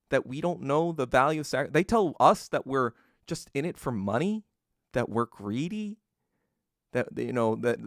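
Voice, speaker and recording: Swearing and performing quotes as he goes, a male podcast host delivers history as a relaxed monologue. His pitch sits in the middle. The sound is clean studio audio without echo.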